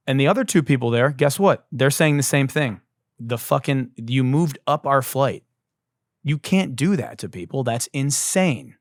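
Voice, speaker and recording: A man hosting a podcast, telling a comic story as a profane, exasperated rant that bursts into shouting. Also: medium pitch, measured pace, no room sound, studio quality. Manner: profane, exasperated, animated ranting with shouted outbursts. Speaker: podcast host.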